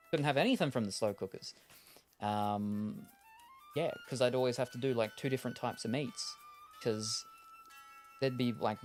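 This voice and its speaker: A man's voice: fairly low pitch, a little mellow. A man streaming a game, chatting casually and thinking aloud, with lots of fillers and restarts. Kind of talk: casual chat while gaming.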